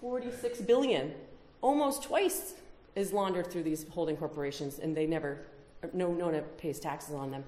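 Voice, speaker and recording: A woman's voice: deep voice, fairly even intonation, fairly quick, few pauses, mellow, reverberant. A woman giving a conference talk, emphatic, with rhetorical questions. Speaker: conference speaker. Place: conference hall.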